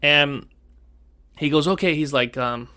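A man hosting a casual podcast, telling a long story in an animated, rambling way with many self-corrections. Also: a little high, unhurried, smooth, dry recording. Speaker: podcast host.

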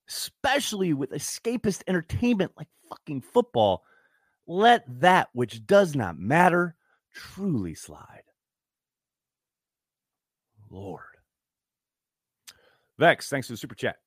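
Animated, profane male podcast host. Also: on the high side, no echo, studio quality. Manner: animated, profane, gets heated and loud when ranting. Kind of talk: casual live-stream chat reading super chats.

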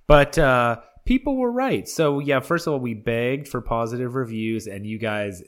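A man's voice: mid-range voice, lively intonation, normal speed. A man co-hosting a podcast in casual banter, joking, laughing often and reading listener reviews aloud. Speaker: podcast co-host.

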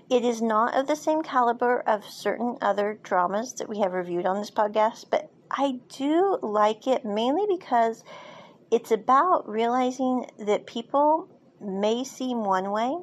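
A woman podcast host recapping and reviewing a drama in a chatty, casual way, laughing now and then with frequent asides. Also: fairly high pitch. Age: adult, parent.

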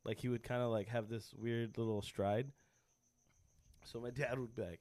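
A man's voice: medium pitch, level tone, normal speed, a little mellow, no room sound. A young man hosting a podcast, telling crude stories in casual chat and laughing often. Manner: profane, laughing storyteller. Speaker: podcast host.

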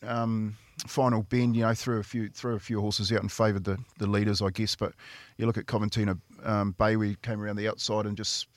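A man's voice: fairly low pitch, level tone, fairly quick, no echo. Laid-back New Zealand man on radio. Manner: laid-back, matey, with frequent fillers. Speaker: radio co-host and quizmaster. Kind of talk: casual radio chat.

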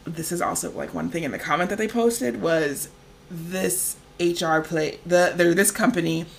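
Speaking at normal speed with a low voice and vocal fry, a woman co-hosts a casual podcast over a little hiss or hum. She leans heavily on "like" and other fillers and laughs readily.

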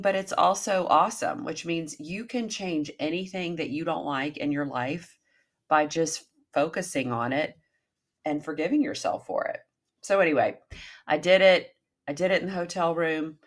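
Low-voiced woman in her fifties, candid. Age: 50s. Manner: candid and chatty, with casual swearing. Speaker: podcast host. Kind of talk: casual self-help podcast talk.

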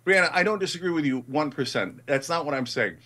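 A man's voice: on the high side, expressive, fast, bright, forceful tone. A middle-aged man in a heated political debate, emphatic and passionate, rising to indignant outbursts. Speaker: guest commentator.

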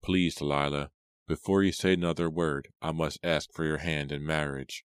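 A man's voice: extremely low pitch, little pitch movement, moderate pace, clear, resonant tone, no echo. A man voicing an earnest, devoted young man in an audiobook.

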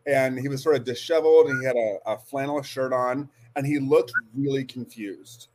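A man in his forties speaks as a guest in an interview, earnest and halting. He restarts his sentences often and settles into a steady, medium-pitched voice. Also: background noise. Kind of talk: storytelling interview.

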